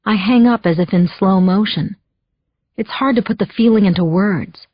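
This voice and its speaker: Woman reading a thriller audiobook, measured and wry, husky low voice, dull lo-fi sound. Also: no echo. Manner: measured, wry inner monologue. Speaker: audiobook narrator. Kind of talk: first-person thriller audiobook narration.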